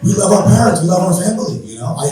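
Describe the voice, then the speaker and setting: A young man from Bangladesh doing a punchy standup set, shouting his punchlines and mimicking his mom. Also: sits high, big pitch swings, very fast, heavy background noise. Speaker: standup comedian. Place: comedy club stage before a laughing crowd. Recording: echoey club, distant, loud crowd laughter.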